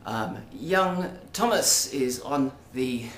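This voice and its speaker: A man's voice: mid-range voice, expressive, drawn-out words, fairly bright tone. Rambling Australian man in an echoey room. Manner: rambling, hesitant, many ums and asides. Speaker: vlogger. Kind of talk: casual monologue to camera. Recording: roomy echo, faint background noise.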